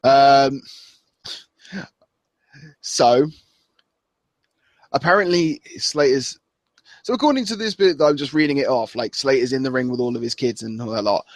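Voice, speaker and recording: He speaks at medium pitch and normal speed, pausing often, with no room sound. As a podcast co-host in casual chat, he recaps in a loose, rambling way and acts out wrestlers' lines with laughs.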